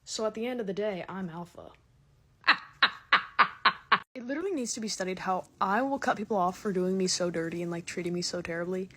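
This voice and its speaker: A woman's voice: mid-range voice, brisk, a bit bright, husky. A young woman delivering a sarcastic comedic rant with exaggerated shifts in tone. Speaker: comedy content creator.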